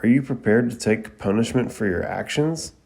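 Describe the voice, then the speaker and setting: A stern old-school talking tortoise, done by a man in a low, gravelly, dark voice. It lectures and scolds with a firm, disapproving edge. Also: expressive, moderate pace, heavily acted. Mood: stern scolding.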